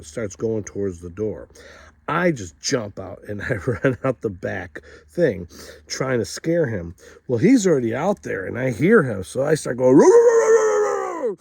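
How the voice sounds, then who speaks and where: A man telling a funny story to camera in an animated way, dropping quiet asides between loud acted quotes. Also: mid-range voice, normal speed, creaky, breathy edge, dry recording. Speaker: storyteller host.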